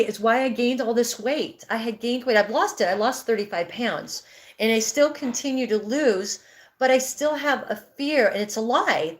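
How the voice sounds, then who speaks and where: A woman in her fifties coaching breathwork on a live stream, candid and rambling, often correcting herself mid-sentence. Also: on the high side. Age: 50s.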